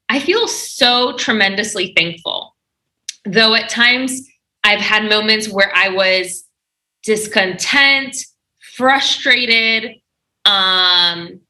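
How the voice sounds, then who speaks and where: Bright-voiced woman giving career advice. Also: on the high side, slow, rough recording. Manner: earnest, encouraging advice. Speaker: guest. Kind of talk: podcast interview.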